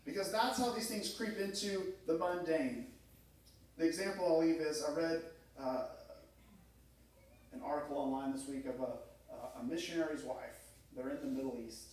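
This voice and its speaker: Pastor preaching in an echoey church. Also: male voice, on the high side, normal speed, darkish tone. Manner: storytelling, acts out quoted voices. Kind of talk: sermon. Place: church sanctuary. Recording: echoey room, mic far off.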